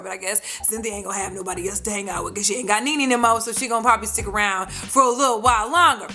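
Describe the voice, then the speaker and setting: A woman's voice: medium pitch, very fast, hardly any pauses, bright, forceful tone, soft background music. A woman casually recapping a reality show episode in a brash, sassy, profane way, acting out the cast's lines. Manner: brash, sassy, swearing, acts out quotes.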